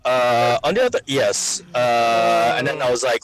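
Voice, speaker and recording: A man's voice: mid-range voice, fairly even intonation, a little slow, few pauses, poor audio. A man on a live gaming stream, rambling through stories with casual swearing. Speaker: livestreamer.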